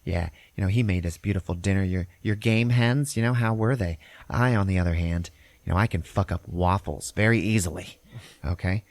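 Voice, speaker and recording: A man's voice: sits low, fairly quick, no room sound. A man voicing a drunk, grieving wife who rambles bitterly and breaks down, in a dry close sound. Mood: drunk rambling. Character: drunk grieving wife lashing out, adult woman.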